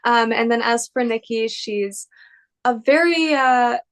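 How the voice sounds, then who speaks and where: A woman with a somewhat high voice talks as an actress guest in an interview. She rambles and gushes, searching for words with plenty of fillers. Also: slow. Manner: rambling, filler-heavy, gushing and upbeat. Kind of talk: casual interview answers.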